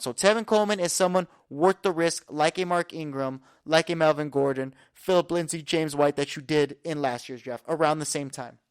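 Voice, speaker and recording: A man hosting a podcast, giving an energetic, confident sports breakdown full of statistics. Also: a little high, clean tone, no room sound, studio quality. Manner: energetic, confident, stat-heavy rundown. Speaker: podcast host. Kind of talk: casual sports analysis talk.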